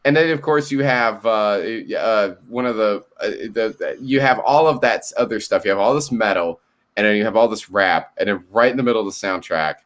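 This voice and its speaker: A man co-hosting a casual chat, animated and swearing freely, laughing often and acting out quotes. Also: fairly low pitch, a little fast. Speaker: co-host.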